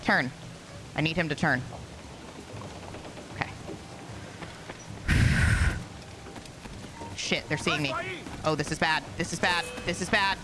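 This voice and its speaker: A speedrunner streaming a run, excitable and swearing, talking to themself and the chat. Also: medium pitch, slow pace, long pauses, music in the background. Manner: excitable, swears, talks to self. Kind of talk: live-streamed speedrun commentary.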